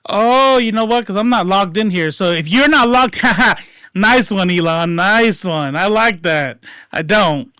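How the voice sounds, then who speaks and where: Slow, profane livestream commentator. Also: mid-range voice, expressive, clear, resonant tone, dry recording, clean studio sound. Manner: profane, rambling, swings between loud outbursts and mumbling. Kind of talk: casual political commentary stream.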